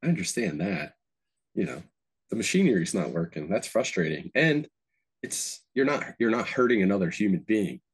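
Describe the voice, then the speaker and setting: A man with a low, husky voice in relaxed podcast chat. He tells stories with real energy, swearing freely and springing his pitch way up whenever he acts out someone else's lines. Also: normal speed. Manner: animated storyteller, acts out quotes with sharp pitch jumps, swears freely. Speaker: podcast host. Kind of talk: casual chat.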